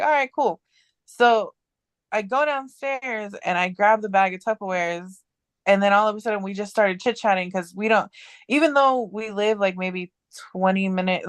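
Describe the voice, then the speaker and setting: A woman's voice: mid-range voice, clean tone, no echo. A woman as a podcast guest in casual chat, telling a rambling story with many restarts and fillers.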